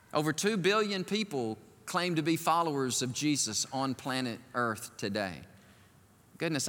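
A pastor delivering an animated sermon in a large church, acting out the voices of the people he tells about. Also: on the high side, big-room sound. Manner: animated, acts out the people he quotes.

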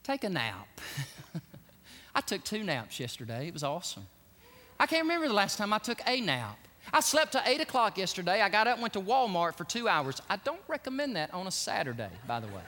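A man preaching a sermon from a church pulpit, animated and exclamatory, with joking personal asides. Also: high-pitched, a little fast. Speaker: pastor. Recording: echoey church hall.

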